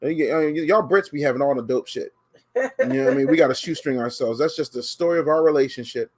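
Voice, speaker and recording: Profane, animated male comedy co-host. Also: a little high, fast talker. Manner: profane, animated rants with quoted voices. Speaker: podcast co-host. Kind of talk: casual comedic chat.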